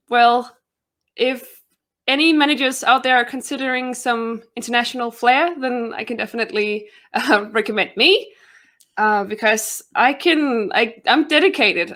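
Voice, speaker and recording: A woman's voice: a little high, measured pace, a bit bright. A young woman from Denmark with a Danish accent, a guest giving a chatty self-introduction with frequent laughter.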